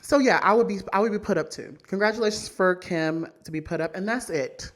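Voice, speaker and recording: Brisk and medium-pitched, this woman runs a celebrity gossip podcast alone from a couch indoors. Her style is profane, blunt and brassy, and she repeats lines for emphasis.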